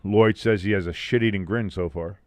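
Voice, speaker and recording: A man's voice: lowish voice, moderate pace, no room sound. Man calling a game live on stream. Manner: animated, bursts of excitement on big plays; swears casually. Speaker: watch-along host. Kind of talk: live play-by-play commentary.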